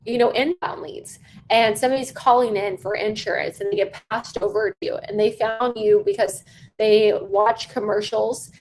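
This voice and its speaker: A woman sales trainer talks at a mid-range pitch, coaching listeners through how to open a call. She drives her points home through repetition and keeps checking in with a quick "right?". Faint ambient noise sits under her voice. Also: steady tone, poor audio. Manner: emphatic, repeats key phrases for stress. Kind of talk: coaching lesson on sales calls.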